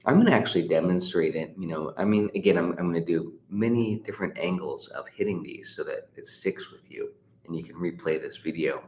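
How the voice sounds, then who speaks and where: A man's voice: low-pitched, a little fast, a little mellow. A middle-aged man teaching a livestream guitar lesson, chatty and encouraging, with many fillers and restarts. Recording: echoey room with faint noise.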